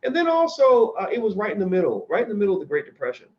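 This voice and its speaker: A man with a high, animated voice talks very fast on a casual livestream, answering viewer questions, and the recording has its highs cut off. He's blunt and opinionated, rambling conversationally and restarting sentences often.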